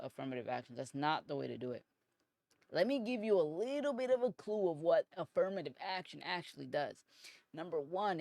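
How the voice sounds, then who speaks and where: A man's voice: mid-range voice, no room sound. A man in his twenties hosting a solo podcast, talking casually in a rambling, profane way and often saying "bro". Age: 20s. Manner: rambling, profane, animated, says "bro" a lot. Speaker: podcast host.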